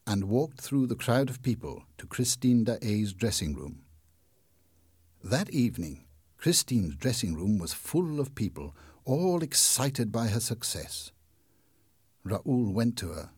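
A man reads a story slowly and deliberately, his husky voice lower than most. His pitch moves a lot as he tells it. The sound is dry and close. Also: no echo. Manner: slow, deliberate, expressive. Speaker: narrator. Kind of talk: scripted narration of a graded reader.

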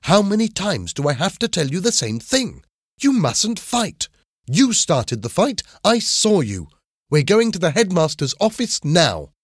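A man plays a stern female teacher, raising his voice above its natural pitch into a high, sing-song register. He scolds severely at a normal speed, recorded dry with studio quality.

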